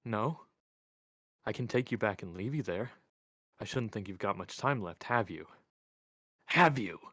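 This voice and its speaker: A man reading a young man speaking softly and evenly, a cold menace under the calm words. The low voice sits close and dry with no room around it. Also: moderate pace, no echo. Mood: menacing. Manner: quiet, even, menacing.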